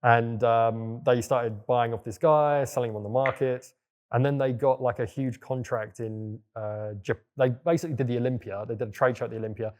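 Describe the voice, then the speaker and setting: A man's voice: mid-range voice, fairly even intonation, a little fast, darkish tone. A young man telling his story in a casual, loose way, with plenty of fillers and the odd swear word. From England. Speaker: guest entrepreneur. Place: villa in Bali.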